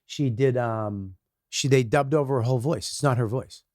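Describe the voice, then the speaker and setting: A male comedian guest on a casual podcast, trading blunt, quick-witted banter. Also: medium pitch, darkish tone, no echo, clean studio sound.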